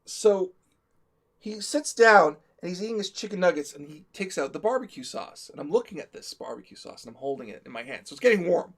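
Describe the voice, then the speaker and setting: A man's voice: sits high, expressive, brisk, a bit bright. A man telling a comic story as a live-stream co-host, talkative, laughing through it and acting out the quotes.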